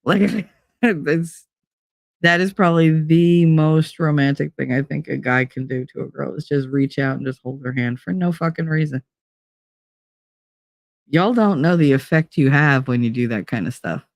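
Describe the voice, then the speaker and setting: A woman's voice: deep voice, moderate pace, dry recording. A woman hosting a stream, telling personal stories in a casual, candid way, swearing freely and laughing often as she talks. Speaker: stream host. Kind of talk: casual storytelling chat.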